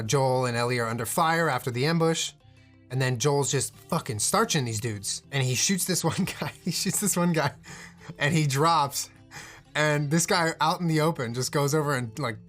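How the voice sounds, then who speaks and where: A young man giving casual, animated reaction commentary as a streamer, swearing freely and lifting his voice when excited. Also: medium pitch.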